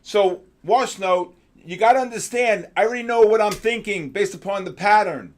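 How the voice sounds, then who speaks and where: A male trading show host giving excitable live market commentary, exclaiming and calling out viewers by name. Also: high voice, normal speed.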